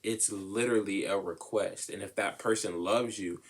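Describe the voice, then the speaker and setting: A young man co-hosting a podcast, talking casually about relationships in an animated, slangy way, acting out the voices of people he quotes. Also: lowish voice, moderate pace, slightly rough. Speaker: podcast co-host.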